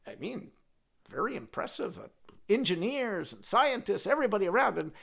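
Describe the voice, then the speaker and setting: A man telling a folk tale in a lively, halting way, often restarting his sentences and turning aside to speak to his donkey. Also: high-pitched, creaky. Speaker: storyteller. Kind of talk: told folk tale with a puppet.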